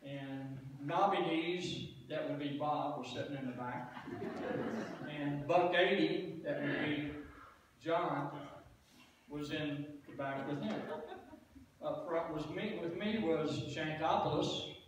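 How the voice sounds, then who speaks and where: A man's voice: on the high side, slow pace, noisy background. A man speaking at a funeral from the pulpit, telling joking, folksy stories with laughing asides. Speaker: eulogy speaker. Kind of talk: storytelling eulogy. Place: church pulpit. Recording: echoey room from a distant mic.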